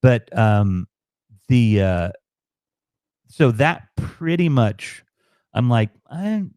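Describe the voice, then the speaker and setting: A man's voice: mid-range voice, very animated, drawn-out words, darkish tone, clear, resonant tone, no room sound. A man from Chicago telling rambling, profane stories in a casual live-stream chat. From Chicago, USA.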